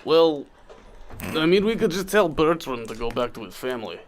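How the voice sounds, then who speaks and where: A man playing a tabletop game, joking around in a lively way. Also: fairly high pitch, normal speed. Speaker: player. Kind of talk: casual tabletop play.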